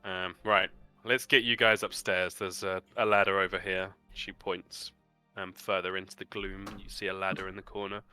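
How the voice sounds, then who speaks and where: A man narrating as game master, lively and laughing, voicing the characters himself. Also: deep voice, normal speed, clear, resonant tone, soft background music.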